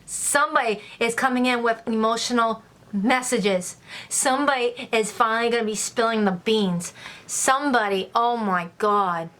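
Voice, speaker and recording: Gushing, excitable woman tarot reader. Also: fairly high pitch, normal speed. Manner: gushing and excitable, exclaiming as she reads. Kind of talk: casual tarot reading.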